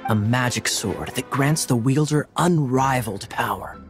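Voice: medium pitch, a little slow, lightly acted. An actor voicing a dramatic, secretive young man who boasts about a pirate grandfather in a game. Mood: storytelling. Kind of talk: game dialogue. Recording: game audio with faint music.

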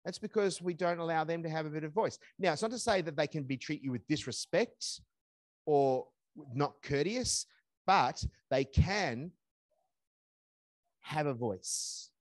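A man's voice: fairly high pitch, no room sound. Emphatic man leading a seminar. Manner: emphatic, repeats key phrases and slips into acted parent and boss voices. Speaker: seminar presenter on parenting. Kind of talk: live seminar talk to parents.

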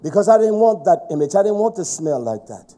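Stern preaching man, dark-toned voice. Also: high voice, big pitch swings, fairly quick. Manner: stern, scolding, shouts at times. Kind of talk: sermon.

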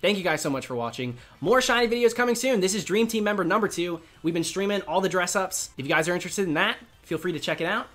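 A man doing excited gaming commentary as a YouTuber, chatty and excitable, cooing at the creatures on screen. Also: sits high, fast, hardly any pauses, faint music behind.

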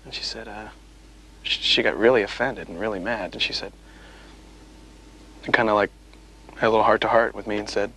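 A man's voice: medium pitch, normal speed, pauses often, sharp tone, slight background noise, poor audio. A man being interviewed as a musician, telling stories in a wry, rambling way with lots of fillers. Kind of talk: casual interview chat.

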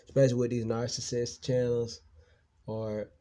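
Profane rambling man, dark voice. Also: medium pitch, little pitch movement, moderate pace, slight background noise. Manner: rambling, profane, repeats himself; grows heated and emphatic. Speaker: vlogger. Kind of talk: casual venting monologue.

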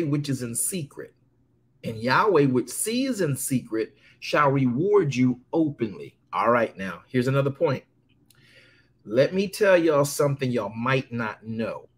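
A man preaching a sermon, reading scripture slowly and calling out to his congregation. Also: mid-range voice, very animated, breathy edge. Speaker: pastor.

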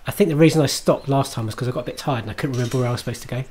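A man's voice: medium pitch, very fast, a little mellow, slight background noise. A man streaming himself playing a game, chatting to viewers in a self-mocking way, swearing and laughing at his own mistakes. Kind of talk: live gameplay commentary.

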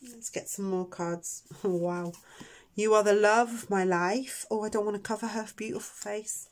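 A woman giving a chatty, emotional tarot reading, soft-spoken with many ums, tearing up at times. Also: medium pitch, fairly even intonation, moderate pace. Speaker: tarot reader. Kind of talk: pick-a-card tarot reading.

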